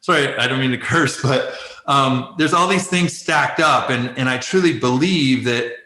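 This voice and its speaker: Bright-voiced man telling candid stories. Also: medium pitch, normal speed, echoey room, rough recording. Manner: animated, laughs often, acts out quoted exchanges. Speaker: guest, former pro athlete turned life coach. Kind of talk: candid conversational storytelling.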